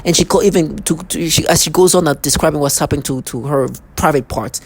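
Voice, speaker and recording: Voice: medium pitch, quick pace, husky, rough recording. A vlogger in an angry, threatening monologue who often repeats and restarts words.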